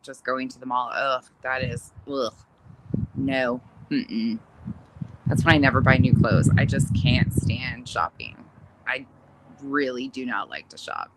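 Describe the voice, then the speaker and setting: A woman's voice: sits low, a bit bright. A middle-aged woman chatting casually on a livestream, reading viewer comments, laughing often and swearing casually. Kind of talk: casual chat.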